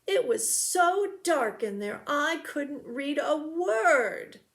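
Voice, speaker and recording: A woman voicing a cranky old grandmother in a high, shrill, loud voice. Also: very animated, slow pace, creaky, heavily acted. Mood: cross.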